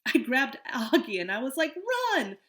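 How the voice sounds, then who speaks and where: A woman's voice: a little high, expressive, normal speed, pitched above the performer's own voice. A woman voicing an urgent, keyed-up schoolboy of about twelve.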